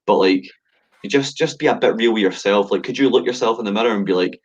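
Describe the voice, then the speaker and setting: A man's voice: fairly low pitch, fast. A young Scottish man, a rapper, talking bluntly in a casual interview, swearing freely and leaning on fillers. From Scotland. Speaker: rapper guest. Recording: dull lo-fi sound.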